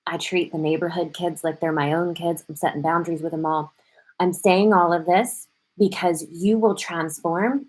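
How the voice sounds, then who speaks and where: A middle-aged woman hosting a live morning show, talking casually and animatedly, quick bursts broken up with playful acted-out quotes. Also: fairly low pitch. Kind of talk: casual live-stream talk.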